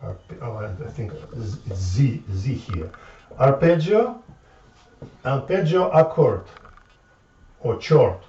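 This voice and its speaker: A man giving an informal math lecture, halting and repeating words as he thinks aloud at the board. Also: medium pitch, expressive, warm tone, slight background noise. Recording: echoey room from far off, dull lo-fi sound.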